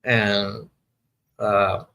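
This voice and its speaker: A man's voice: on the low side, flat delivery, very slow, creaky, bright, forceful tone, rough recording. A man in his sixties hosting a casual live chat, rambling and often losing his train of thought. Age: 60s. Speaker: livestream host.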